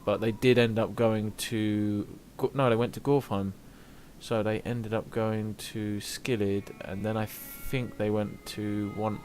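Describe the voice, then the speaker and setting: A man's voice: fairly low pitch, level tone, measured pace, a little mellow, soft background music. A young man chatting casually while streaming a video game, rambling and reading game text aloud. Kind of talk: casual live gameplay commentary.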